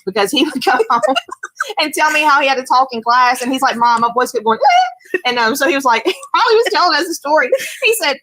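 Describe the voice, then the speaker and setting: A woman's voice: high-pitched, animated, fast, sharp tone, slight background noise. A middle-aged woman, chatting casually about her family as a podcast co-host, rambling with many fillers.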